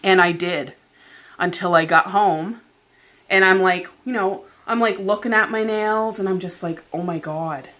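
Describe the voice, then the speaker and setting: A woman's voice: medium pitch, fairly even intonation, unhurried, a bit bright. Chatty woman venting, full of "like". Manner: chatty, heavy filler "like", exasperated retelling. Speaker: vlogger. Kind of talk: casual venting story time.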